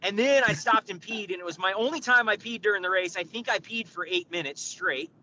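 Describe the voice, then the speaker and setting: A man co-hosting a podcast in casual chat, an animated storyteller who laughs often. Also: sits high, fairly quick, lo-fi sound, slight background noise. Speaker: podcast co-host.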